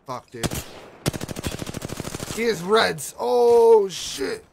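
A young man chatting casually while gaming, excitable, swearing a lot and laughing often. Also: high-pitched, drawn-out words, creaky, background noise. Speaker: gamer streamer.

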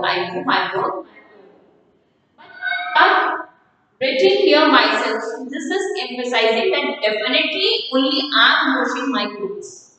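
A woman with an Indian English accent teaching English grammar slowly, stretching key words and asking and answering her own questions. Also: fairly high pitch, sharp tone. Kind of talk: slow grammar lesson. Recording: echoey hall, voice from a distance.

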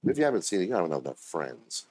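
Animated preacher man. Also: fast talker, breathy edge. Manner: animated storytelling, acting out quotes with sudden pitch jumps. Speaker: pastor. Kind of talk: sermon.

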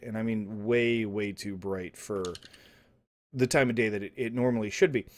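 Guy telling a dumb story totally straight, rambly, mumbles then gets loud, young dude. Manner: rambling, with restarts and asides, swinging from low mumbles to loud outbursts. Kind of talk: deadpan absurd comedy storytelling. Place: indoor home setup, streaming.

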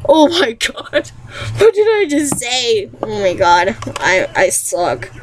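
A woman's voice: on the high side, very animated, slow pace, noisy background. A young woman vlogging an impression challenge, giggly and self-mocking, rambling between tries.

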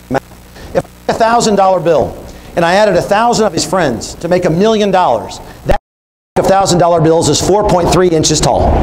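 In a conference hall, a man with a high voice gives a keynote speech at an industry conference, telling a story and walking through numbers explanatorily. The recording is rough.

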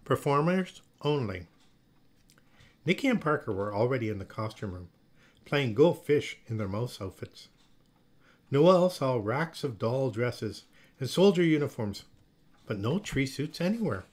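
Taking his time, a man with a mid-range voice narrates a children's picture book, giving the story an expressive, unhurried reading.

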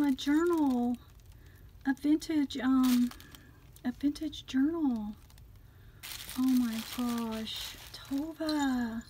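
A woman chatting casually as she unboxes craft gifts on her vlog, gushing with delighted exclamations and often dropping to a soft, near-whispered voice. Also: sits high, drawn-out words, pauses often, a little hiss or hum, poor audio. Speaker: craft vlogger unboxing a gift swap.

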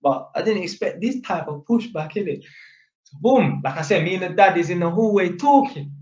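Man, animated storyteller, heavy slang, fairly high voice, echoey room. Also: moderate pace. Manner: animated storyteller, heavy street slang, frequent tag questions. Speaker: vlogger. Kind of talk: casual anecdote telling. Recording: echoey room, dull lo-fi sound.

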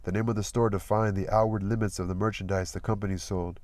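A man reading a novel aloud as narrator, in a steady, measured storytelling manner. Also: on the low side, no echo. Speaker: audiobook reader.

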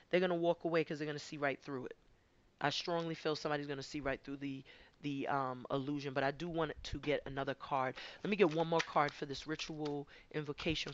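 A woman's voice: low-pitched, highs cut off, a little hiss or hum. A woman giving a conversational spiritual tarot reading, rambling and often repeating her words. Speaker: tarot card reader.

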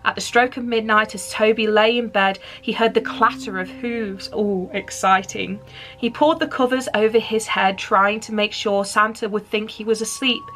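A woman's voice: a little high, fairly even intonation, moderate pace, hardly any pauses, fairly bright tone, faint music behind. A woman hosting her channel, reading a Christmas story aloud with playful, chatty asides to her listeners.

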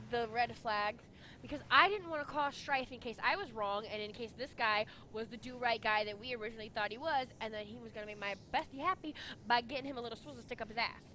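A woman's voice: on the high side, bright, forceful tone, slight background noise. A woman co-hosting a casual chat, telling stories bluntly with heavy swearing and talking with her hands. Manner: profane, blunt storytelling. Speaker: podcast co-host.

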